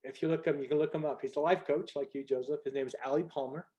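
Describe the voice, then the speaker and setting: An older man telling a personal story on a group video call in an earnest, conversational way, going soft at the moving parts. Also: fairly high pitch, fairly even intonation, fast talker, lo-fi sound. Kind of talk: storytelling talk.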